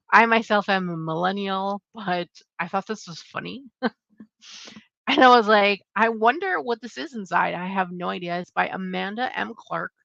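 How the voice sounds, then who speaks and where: A woman's voice: mid-range voice, vocal fry, fairly bright tone, dry recording. A young adult woman hosting her channel, casually chatting through upcoming book releases in a rambling way with lots of fillers. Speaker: channel host. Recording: dull lo-fi sound.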